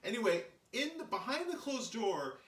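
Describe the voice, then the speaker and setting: A man's voice: high-pitched, moderate pace, echoey room, far from the mic. A man hosting a live stream, telling a story in casual chat and acting out the voices of the people in it. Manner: animated storyteller, acts out quoted voices. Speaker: show host, artist telling a story.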